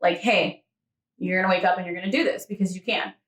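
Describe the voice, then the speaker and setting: A fitness model chats as a guest in a casual interview, speaking fast in a fairly low, steady, fairly bright voice. She laughs often and acts out little quotes. The room is echoey and the mic is distant.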